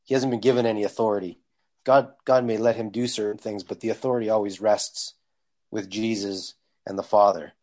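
A man in a group bible discussion, speaking devoutly with halting restarts. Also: lowish voice, fairly even intonation, a little mellow. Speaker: bible study participant.

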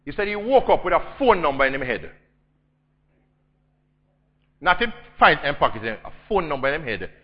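Husky Jamaican preacher, dull lo-fi sound. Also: male voice, a little high, sing-song, moderate pace, pauses often. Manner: swings between loud emphasis and hushed intensity. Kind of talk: storytelling sermon.

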